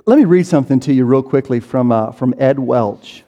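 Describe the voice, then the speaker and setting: A man's voice: medium pitch, brisk, mellow, muffled recording. A man preaching a sermon in a conversational way, acting out people's inner voices as he goes. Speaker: pastor. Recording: reverberant hall.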